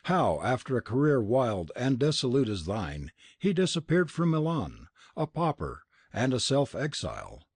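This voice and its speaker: A man voicing a grave, prophetic sage from the East with a deep, sweet, foreign-accented voice and solemn archaic speech. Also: huge pitch swings, normal speed, few pauses, husky, no room sound, full character voice. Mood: warning. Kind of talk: audiobook character reading.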